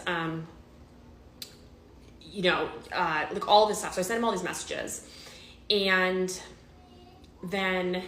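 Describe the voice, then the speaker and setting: A woman's voice: lowish voice, steady tone, slow pace, pauses often, a bit bright, reverberant, slight background noise, rough recording. A woman telling a personal story in a storytime vlog, emotional and repetitive with many restarts.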